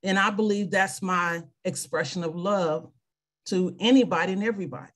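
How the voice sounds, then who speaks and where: At normal speed, a lowish, slightly bright female voice reads scripture over a video call. The speaker, a veteran and clinic worker in her fifties, goes on to discuss faith and service earnestly, speaking from what she has lived.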